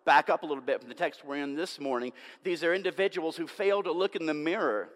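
A man preaching a sermon as a pastor, conversational, swinging between loud and hushed. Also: a little high, fast. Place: church sanctuary. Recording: long reverb of a hall.

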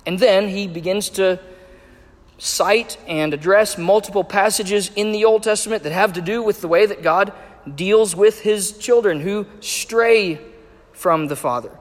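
Slow, high-voiced preacher in a hall. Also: male voice. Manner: measured, emphatic reading of scripture. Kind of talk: sermon. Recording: echoey hall with long reverb.

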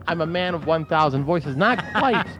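A male podcast co-host chatting casually and rambling, with frequent filler pauses. His voice is high and lively, swinging widely in pitch. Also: slight background noise. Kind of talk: casual comedy chat.

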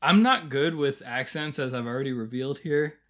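A man's voice: mid-range voice, brisk. A man co-hosting a podcast, casually retelling scenes and laughing often. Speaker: podcast co-host. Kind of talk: casual review chat.

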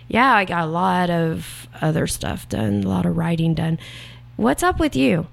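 A young woman co-hosting a podcast in relaxed, casual chat. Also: on the low side, moderate pace, vocal fry. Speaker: podcast co-host.

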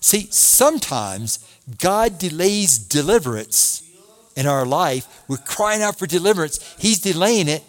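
A man's voice: on the high side, measured pace. A man preaching a sermon as a pastor, reading scripture aloud and asking his listeners questions. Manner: animated preaching, reads scripture aloud, asks the congregation questions.

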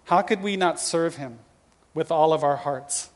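A male pastor in his fifties preaching a sermon with lively, humorous storytelling. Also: fairly high pitch, a little slow. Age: 50s.

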